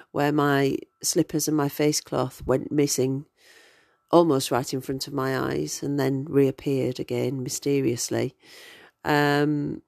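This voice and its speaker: Lady podcaster rambling thru her stories, deep-ish voice, takes her time. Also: no room sound. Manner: chatty, digressive, relaxed. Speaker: podcast host. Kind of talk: casual storytelling monologue.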